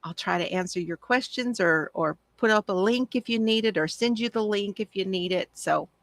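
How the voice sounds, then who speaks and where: A woman's voice: mid-range voice, moderate pace, no echo. A woman hosting a casual crafting livestream, chatty and gushing as she answers viewer comments from home.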